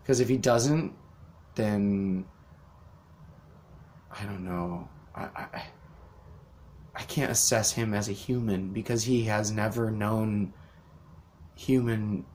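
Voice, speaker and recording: In a lowish, slightly mellow voice, a young man on his podcast goes off on a sweary, meandering monologue, dropping in sarcastic mock voices along the way.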